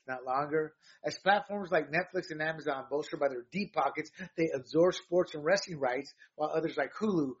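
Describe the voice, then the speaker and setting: A man's voice: a little high, a little fast, husky, dull audio. A man hosting a news rundown show, delivering emphatic opinionated commentary that rambles with fillers and restarts.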